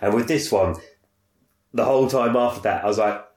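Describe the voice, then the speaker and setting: Chatty man in an echoey room. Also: fairly quick. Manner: animated, acts out quotes in a high voice. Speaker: podcast co-host. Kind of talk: casual chat.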